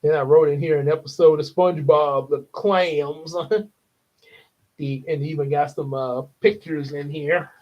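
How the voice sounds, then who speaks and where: On a casual livestream with dull, lo-fi sound, a young host talks a little slowly in a fairly high voice. He meanders as he speaks, chuckling often and filling gaps with filler words.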